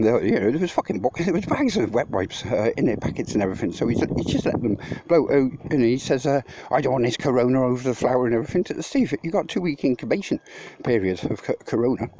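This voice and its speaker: A man walks and talks on a mountainside, chatting to his followers in a loose, rambling way with plenty of swearing. He is short of breath from lugging loads uphill. The phone recording has clear wind and outdoor noise behind him. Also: mid-range voice, big pitch swings, fast. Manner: rambling, swears freely, chatty asides to viewers. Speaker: vlogger. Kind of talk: casual walking vlog.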